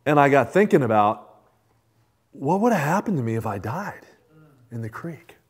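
A middle-aged man preaching, telling a personal story in a lively, animated way, acting out the people in it and asking the congregation "right?". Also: medium pitch, moderate pace, breathy edge. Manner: animated storytelling, acts out quoted voices, asks the congregation "right?". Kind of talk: sermon storytelling.

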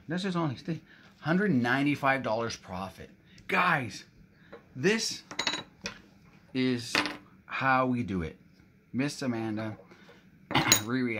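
Middle-aged man from Canada, casual vlog narration with frequent exclamations, mid pitch, light background hiss. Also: a bit bright. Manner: frequent exclamations, talks to viewers as guys. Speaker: scratch-off ticket vlogger. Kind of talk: excited casual vlog commentary.

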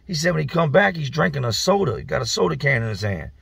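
A man casually telling a profane, slangy street story as a vlogger, animated as he retells it. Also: fairly high pitch, fast, vocal fry, husky, no room sound.

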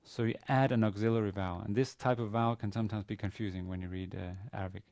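Hesitant low-voiced male lecturer. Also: steady tone, fast talker, a little mellow, no echo, clean studio sound. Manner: hesitant, many fillers and restarts. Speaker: university lecturer. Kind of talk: classroom lecture. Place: university classroom.

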